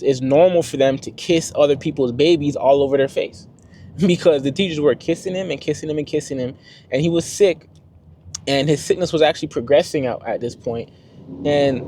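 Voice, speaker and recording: A man's voice: fairly high pitch, a little hiss or hum. A young man and first-time father telling a story to the camera in a casual, slangy vlog style. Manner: slangy, conversational, animated retelling.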